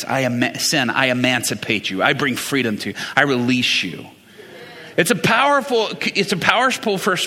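Guy preaching casual style, bright tone, asks the crowd stuff, big echoey church room. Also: high-pitched. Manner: asks the congregation questions, talks through Bible passages. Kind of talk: conversational sermon.

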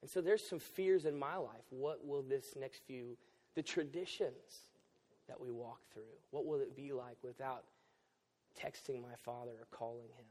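A man's voice: medium pitch, warm tone, big-room sound. A man preaching a sermon as pastor, joking and self-deprecating, then candid. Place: church auditorium.

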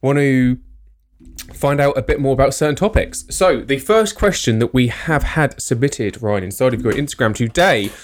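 A man co-hosting a casual podcast, relaxed as he reads out listener questions. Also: medium pitch, moderate pace. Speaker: podcast co-host.

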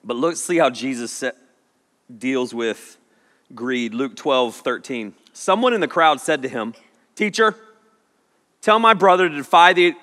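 Animated youth pastor in a hall. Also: male voice, a little high. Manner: animated, jokey, acts out little voices. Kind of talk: energetic comic sermon. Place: church sanctuary. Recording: long hall reverb.

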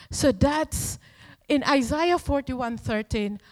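A woman delivers a sermon at an unhurried, deliberate pace, pressing her points with earnest emphasis and rhetorical questions. Her voice rings out with a long reverb from the church hall around her. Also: medium pitch, lively intonation. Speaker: preacher.

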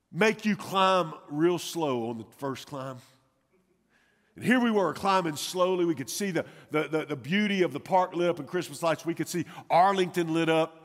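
A man in his thirties preaching a sermon to his church, telling a family story with animated swings between loud and hushed delivery. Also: sits high. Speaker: pastor. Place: church sanctuary. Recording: church hall with long reverb.

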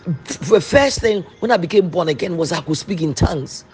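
With fervent conviction, a woman preacher delivers a sermon, repeating each declaration several times and rising into shouts to drive her points home. Her voice is lowish and lively in intonation, moving at a normal speed.

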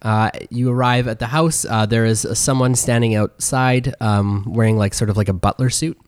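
A game master narrating a tabletop game, halting often with fillers. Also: medium pitch, steady tone, no room sound, studio quality.

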